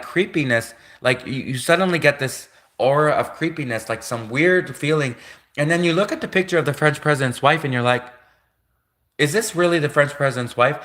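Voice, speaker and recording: Young Canadian guy, streamer, bright tense tone, loose repetitive rambling with frequent laughs. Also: a little high. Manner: repetitive, laughing often, casual filler-heavy. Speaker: livestream host. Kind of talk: rambling live commentary.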